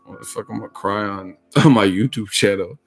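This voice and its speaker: A man's voice: on the low side, fairly quick, faint music behind. A man hosting a boxing livestream who talks casually, jokes, swears freely and laughs often. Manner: profane, joking, laughs a lot. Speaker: boxing YouTube host.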